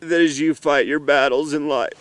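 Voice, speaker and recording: A middle-aged man speaks to his children from an off-road vehicle in the mountains, earnest and emotional, often halting. His voice is smooth and clear, with a steady, narrow pitch, and it sounds dry and close to the mic. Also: no echo. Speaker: father addressing his children. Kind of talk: heartfelt personal message.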